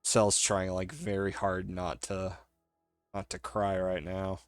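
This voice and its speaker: Slow-talking man playing a tabletop game. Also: low-pitched, level tone, smooth, no echo, faint music behind. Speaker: player. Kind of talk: casual tabletop play.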